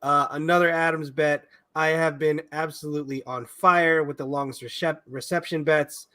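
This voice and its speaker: A man's voice: a little high, fairly even intonation, normal speed, bright, forceful tone. A man co-hosting a sports betting podcast, joking loosely, laughing and swearing as he talks. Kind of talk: casual sports betting chat.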